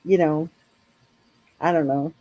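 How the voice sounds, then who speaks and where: A woman's voice: low-pitched, fairly even intonation, slow, warm tone, poor audio. A woman hosting a casual live chat, talking in a chatty, rambling way with lots of fillers. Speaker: true crime channel host.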